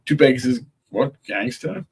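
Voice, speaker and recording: A man from South Africa chats casually in a medium-pitched, expressive voice with vocal fry and a breathy edge, speaking a touch slowly. His accent is South African, and his laid-back talk is thick with slang and swear words.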